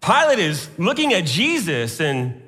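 A man's voice: sits high, huge pitch swings, a little slow, bright, forceful tone, faint music behind. A man preaching a sermon, citing scripture references as he goes. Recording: long hall reverb.

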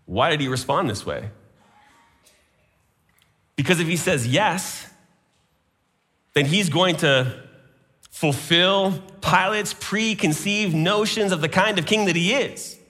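Man preaching, cites chapter and verse, sharp ringing tone, hall reverb. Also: fairly high pitch, animated, slow, long pauses. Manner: preaching, citing scripture references. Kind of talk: sermon.

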